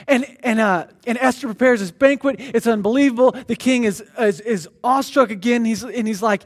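A man preaching a sermon, animatedly retelling a scripture story and reading passages aloud in a slower, quieter voice. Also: extremely high pitch. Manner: animated storyteller who acts out the characters.

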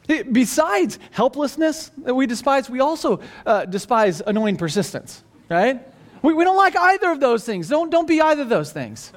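A man preaching a sermon, reading scripture aloud and breaking into conversational asides. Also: very high voice. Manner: animated, conversational, restarts and asides. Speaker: pastor.

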